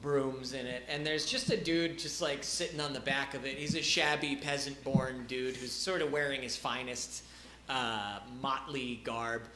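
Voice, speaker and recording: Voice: medium pitch, fairly even intonation, measured pace, sharp tone, reverberant, slight background noise. A game master narrating a tabletop game in a loose, laughing way, with many fillers.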